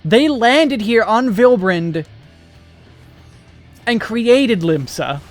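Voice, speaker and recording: A man's voice: high-pitched, lively intonation, drawn-out words. A man streaming a game, making casual commentary with wry, joking asides, over faint game music.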